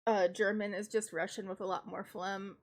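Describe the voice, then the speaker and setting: A woman's voice: medium pitch, little pitch movement, normal speed. A woman from the United States chatting casually on a live stream, ranting wryly and laughing often, congested from a cold.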